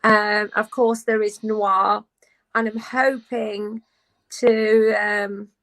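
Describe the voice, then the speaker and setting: A woman guest on a casual live video chat, lively and candid, talking from her beauty room at home. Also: mid-range voice, very slow, low-quality recording. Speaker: guest, actress. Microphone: video call.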